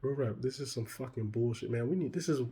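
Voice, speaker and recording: A man delivers a heated, profane commentary in a dark, husky voice. He circles back over his points, stumbles into restarts, and breaks into loud outbursts. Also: mid-range voice, fast talker. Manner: restarts and repeats himself. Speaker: video commentator. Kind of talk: ranting commentary.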